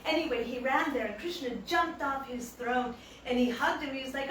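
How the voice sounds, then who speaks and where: A woman telling a devotional tale in an animated way, acting out the quotes, recorded in a temple hall. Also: sits high, normal speed, a little hiss or hum. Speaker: devotional storyteller. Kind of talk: devotional storytelling talk. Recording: echoey hall, distant mic.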